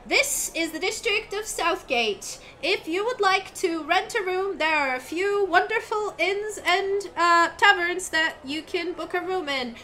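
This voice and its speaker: A woman's voice: extremely high pitch, lively intonation, a little slow, few pauses, sharp tone, pitched above the performer's own voice, full character voice. A woman voicing a fourteen-year-old half-elf boy who works as a town crier, announcing in a pompous way with sighing asides.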